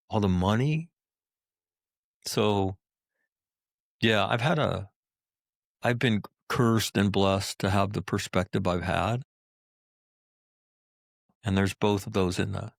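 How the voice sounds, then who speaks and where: A middle-aged American combat veteran speaking bluntly and with profanity as a podcast interview guest. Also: male voice, lowish voice, slow, vocal fry, long pauses, no room sound, studio quality.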